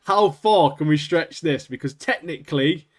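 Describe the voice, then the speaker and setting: A man's voice: on the high side, normal speed, a little mellow. A man, co-hosting a casual anime podcast, rambling and laughing as he talks. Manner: rambling, laughs often, lots of "like" and "mate". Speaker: podcast co-host.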